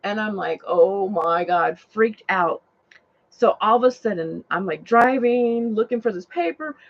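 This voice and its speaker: Her voice on the high side and her pace measured, a woman who drives rideshare animatedly recounts a story from her car. Excitable, she says "like" and "oh my God" constantly, heard through dull lo-fi audio.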